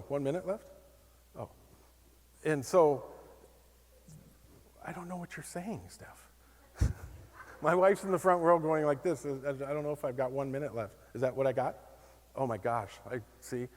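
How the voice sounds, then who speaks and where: A man speaks on stage at a conference, telling a personal story in an animated, self-mocking way. He acts out the other voices in his story. The sound carries the long reverb of a large hall. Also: medium pitch. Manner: animated, self-deprecating, acts out quoted dialogue.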